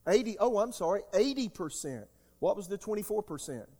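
Emphatic older pastor in a reverberant hall. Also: male voice, high-pitched, sing-song, fairly quick. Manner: emphatic, swings between loud outbursts and quiet asides. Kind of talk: sermon. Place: church sanctuary.

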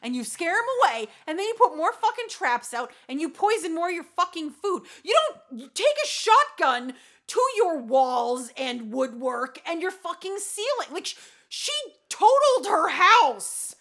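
Podcast co-host lady going off on a rant, swears constantly, bright voice. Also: very high voice, measured pace. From rural farm community. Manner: animated, swears a lot, ranting. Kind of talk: casual chat.

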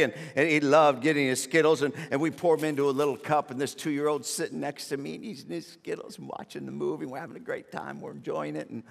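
A man preaching a sermon, animated and joking, often restarting with repeated words as he tells a family story. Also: a little high, gravelly. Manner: animated, repetitive starts, comic exaggeration. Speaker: pastor. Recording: long reverb of a large hall.

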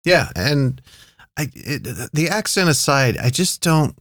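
A man's voice: fairly high pitch, lively intonation, slow pace, fairly bright tone, no room sound, clean studio sound. A man co-hosting a casual TV review chat, talking in a hesitant, conversational way with frequent restarts. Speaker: podcast co-host.

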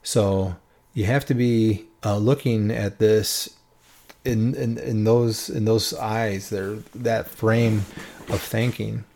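A man explaining Bible verses in a relaxed, conversational way, often checking in with a questioning "right?". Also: on the low side, slow, creaky. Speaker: Bible teacher.

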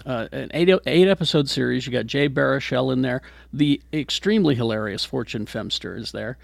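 A man's voice: mid-range voice, brisk, gravelly, dry recording. A man hosting a casual entertainment podcast, reading news items with lots of fillers. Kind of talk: casual chat.

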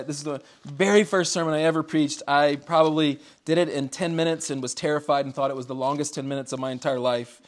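A pastor in his thirties preaches a sermon the way he would chat with friends, in a voice a little higher than most men's. He tells stories easily and slips small chuckles in between his phrases. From United States. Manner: chatty, storytelling, chuckles often between phrases. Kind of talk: casual conversational sermon.

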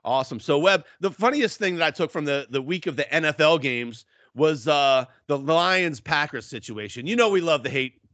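A man co-hosting a podcast, chatting casually and profanely about football with animated storytelling. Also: on the high side, normal speed, few pauses, dry recording. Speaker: podcast co-host. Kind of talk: casual sports chat.

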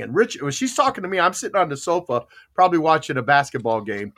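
Animated older man telling stories. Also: a little high, fast, hardly any pauses. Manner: animated, laughing, acts out voices in his stories. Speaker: podcast host. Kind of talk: casual storytelling chat.

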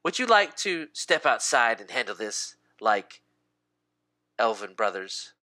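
A man doing a haughty high elf, low and cold. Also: sing-song, a little slow, sharp tone, full character voice.

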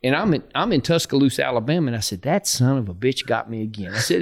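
A middle-aged man, a football coach, telling anecdotes in a podcast interview, folksy and animated, laughing as he goes and acting out the dialogue. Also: mid-range voice, quick pace. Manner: acts out dialogue in his stories.

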